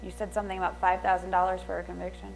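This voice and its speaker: A woman playing a lawyer who questions a witness in a measured, methodical way. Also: lowish voice, little pitch movement, vocal fry, faint music behind, low-quality recording. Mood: probing. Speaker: attorney. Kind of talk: improvised courtroom drama.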